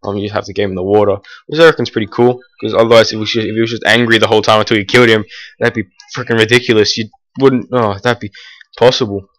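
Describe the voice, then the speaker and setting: A teenage boy talks over his gameplay in a rambling, casual way, full of fillers and restarts. His voice sits a little low, and he now and then snaps at the game in annoyance. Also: fairly even intonation, rapid-fire, a bit bright. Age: teens. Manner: erupts in annoyed outbursts at the game. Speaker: gameplay commentator.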